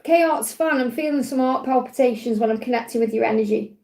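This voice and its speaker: Woman, high voice, live spiritual reader, chatty and reassuring. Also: a little fast, darkish tone, a little hiss or hum. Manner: chatty, reassuring, keeps checking in with "okay?". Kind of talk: casual livestream reading.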